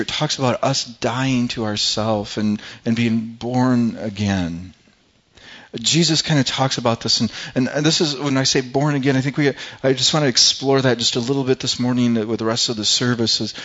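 A man preaching during a church service, earnest and halting, circling back over his words. His voice sits at an ordinary middle pitch. The recording is dull and lo-fi. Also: fairly bright tone. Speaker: pastor. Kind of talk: sermon and prayer.

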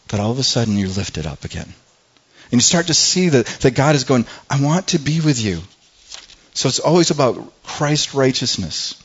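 In a muffled recording, a pastor with a husky, mid-range voice gives an earnest, conversational sermon, frequently starting his phrases over.

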